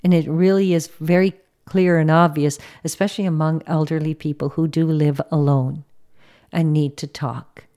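Lady, middle aged, kinda low voice, earnest gentle faith talk. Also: steady tone, normal speed.

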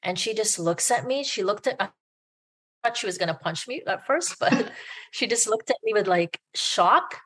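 A woman's voice: mid-range voice, lively intonation, moderate pace, fairly bright tone, slight background noise. Earnest woman telling a heartfelt story. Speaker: guest, parish group president. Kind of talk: personal faith story.

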